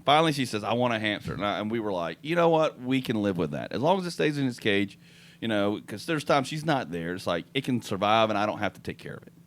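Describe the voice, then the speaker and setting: A middle-aged man tells a funny story on his podcast. His pitch swings widely as he acts out what people said, and he breaks into laughter often. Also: quick pace. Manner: animated, laughs often, acts out quoted lines. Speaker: podcast host. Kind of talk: casual comedic storytelling.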